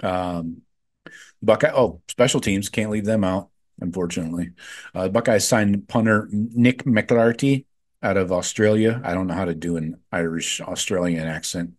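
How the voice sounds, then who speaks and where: A deep-voiced man hosts a sports podcast at a moderate pace. He chats offhandedly, filling his speech with fillers and giving frank opinions.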